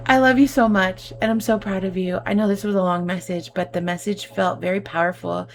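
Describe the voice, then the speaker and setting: A woman reads tarot cards for her viewers in an effusive, heartfelt way. Her voice carries a gravelly fry at a middle pitch, and she keeps calling the listener babe and my love. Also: fairly even intonation, normal speed. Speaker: tarot reader. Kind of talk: tarot reading addressed to viewers.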